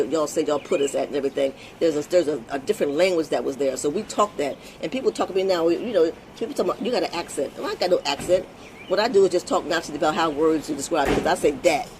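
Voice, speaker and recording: A woman with a deep voice hosts her own vlog, delivering a blunt, emphatic, unscripted monologue where she swears freely and repeats words as she restarts. There's a little hiss or hum on the audio.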